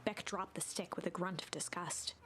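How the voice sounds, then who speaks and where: A woman narrating a story game in a soft, hushed storytelling manner. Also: fairly low pitch, fairly even intonation, moderate pace, a little hiss or hum, lightly acted.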